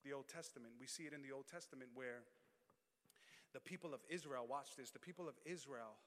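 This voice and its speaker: A man preaching a sermon as pastor, animated, dropping low and quiet then building to loud shouts. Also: fairly quick. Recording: long hall reverb.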